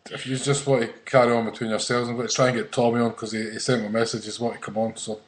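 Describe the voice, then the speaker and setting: A man's voice: mid-range voice, little pitch movement, rapid-fire, a little hiss or hum. Man hosting, roomy sound. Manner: chatty, rambling, searching for words. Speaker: podcast host. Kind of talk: casual chat. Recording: roomy echo.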